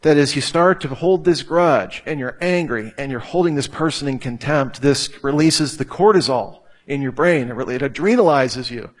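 A man's voice: medium pitch, normal speed, hardly any pauses. A man preaching a sermon to a gathered congregation, emphatic and repeating phrases for effect. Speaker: pastor. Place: church hall with a live audience.

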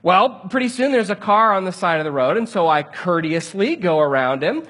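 A man preaching a sermon, telling a story with lively, animated delivery and acting out his own frustration. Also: high voice, normal speed, heavy background noise. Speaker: pastor.

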